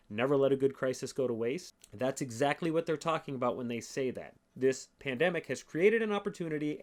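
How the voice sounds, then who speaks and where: Male podcast host, sarcastic, profane solo monologue, pitched a little high. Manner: animated, profane, sarcastic, reads quotes aloud slowly. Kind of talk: casual monologue commentary.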